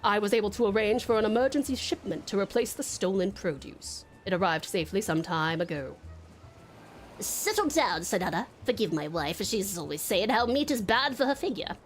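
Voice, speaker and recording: A woman voicing a boastful elderly male merchant in a game playthrough, with gruff, pompous old-fashioned speech. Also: medium pitch, expressive, normal speed, a little hiss or hum, natural voice. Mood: blustering.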